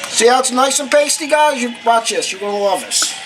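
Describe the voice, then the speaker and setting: A high-voiced woman hosts a home cooking lesson, chatty and full of exclamations as she walks through each step. Clear guitar music plays behind her voice. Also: animated, fairly quick, rough recording. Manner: chatty, upbeat, often exclaims "boom" and asks "okay?". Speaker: cooking show host. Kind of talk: casual cooking demonstration.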